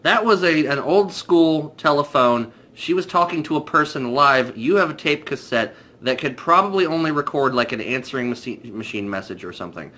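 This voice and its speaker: Young man, bright higher voice, casual animated movie reviewer. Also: moderate pace, hardly any pauses. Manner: animated, mock voices for characters.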